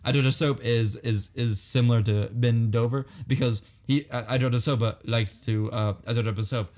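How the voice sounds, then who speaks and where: A man's voice: mid-range voice, fairly even intonation, moderate pace, darkish tone. A young man co-hosting a casual podcast, rambling and joking with stumbling restarts. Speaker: podcast co-host. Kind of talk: casual crude banter.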